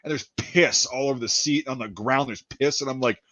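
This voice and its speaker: A man telling a rambling story in a casual chat, animated, laughing and swearing a lot. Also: mid-range voice, a little fast. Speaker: podcast host. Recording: dull dry lo-fi sound.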